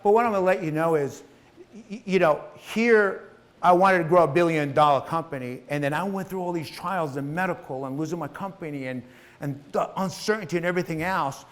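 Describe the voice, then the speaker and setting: Emphatic middle-aged man, higher voice. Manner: emphatic, repetitive, addresses audience directly. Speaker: guest speaker. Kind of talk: motivational stage talk. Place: event hall with live audience.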